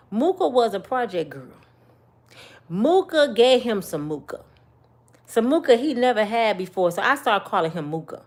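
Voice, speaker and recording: A woman, telling stories in a casual monologue, swinging between loud bursts and hushed asides. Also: mid-range voice. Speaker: commentator.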